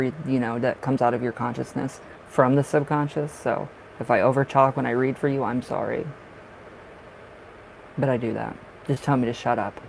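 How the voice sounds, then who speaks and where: A chatty man with a raspy, gravelly smoker's voice talks his way through a live tarot reading stream. His pitch sits in an ordinary middle range, and now and then he sounds short of breath. A faint background noise runs under the recording. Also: poor audio. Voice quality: raspy from smoking. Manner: rambling, chatty, laughs often. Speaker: livestream tarot reader. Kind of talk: casual livestream chat.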